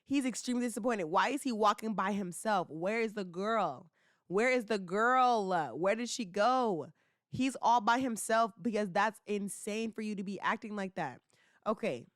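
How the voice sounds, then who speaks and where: A young woman hosting a casual commentary podcast, talking in slangy, animated bursts full of rhetorical questions and teasing. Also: medium pitch, moderate pace, dry recording, studio quality. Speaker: podcast host.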